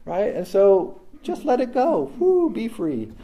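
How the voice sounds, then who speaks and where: A man's voice: sits high, takes it slowly, highs cut off. A man giving a casual reflective talk, telling stories and acting out quoted voices with animation. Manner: animated storytelling, acts out quotes.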